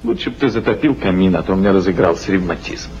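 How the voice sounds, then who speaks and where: A man's voice: low-pitched, racing, darkish tone, highs cut off, faint music behind, natural voice. An actor playing a sly, chatty male devil who complains of rheumatism, in 1960s film dialogue from an old soundtrack with a hum.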